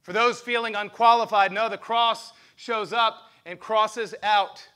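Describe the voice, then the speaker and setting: A man preaching a lively sermon as pastor, asking the congregation questions. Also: sits high, a little slow, clean tone.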